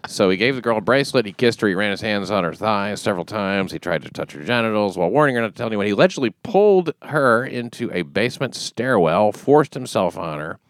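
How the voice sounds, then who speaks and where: A man with a rather low voice hosts a casual comedy podcast, talking dry and deliberate. He pauses over his words while reading news aloud. The sound is close and dead dry. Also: lively intonation, no room sound. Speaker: podcast host.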